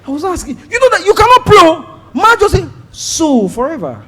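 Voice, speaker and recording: A Nigerian man performing a stand-up comedy set, telling a story and acting out shouted prayers. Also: very high voice, expressive, quick pace. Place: comedy stage before a live audience. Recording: live show with crowd audible.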